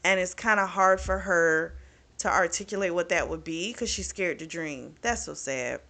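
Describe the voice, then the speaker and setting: A woman's voice: fairly low pitch, normal speed. A woman recapping a book's plot in a casual, chatty way, with frequent swearing and lots of fillers. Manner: chatty, profane, animated retelling with lots of fillers. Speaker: book reviewer.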